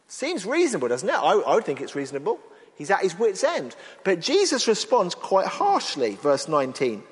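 A man preaching a sermon in an earnest, expressive way, acting out the lines he quotes. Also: high-pitched, moderate pace. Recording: long reverb of a large hall.

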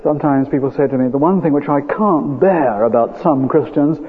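Older preacher on tinny radio. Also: male voice, medium pitch. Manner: earnest, emphatic, rising with feeling, drawn-out stresses. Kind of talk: sermon. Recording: phone-like old radio broadcast with long reverb.

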